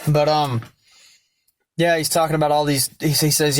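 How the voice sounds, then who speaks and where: A man's voice: a little high, brisk, no room sound. A young man casually and ramblingly retelling a story, swearing and using many fillers. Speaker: vlogger.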